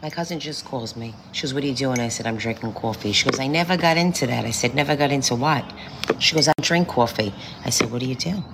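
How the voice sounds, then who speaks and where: A woman's voice: very deep voice, quick pace. A woman doing stand-up, telling a story by acting out both sides of a conversation. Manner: animated, retelling a conversation. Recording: faint background noise.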